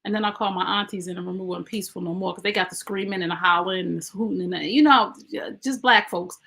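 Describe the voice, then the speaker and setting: A woman's voice: on the low side, fast, vocal fry, bright, forceful tone. Woman, podcast host, emphatic, conversational, personal storytelling. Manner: emphatic, conversational, speaking straight to listeners.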